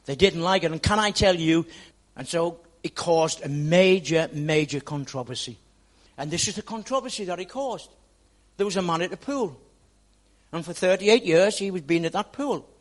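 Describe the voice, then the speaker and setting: A pastor with a slightly high, animated male voice preaches a sermon in church at a moderate pace. He addresses the congregation directly and repeats words for emphasis.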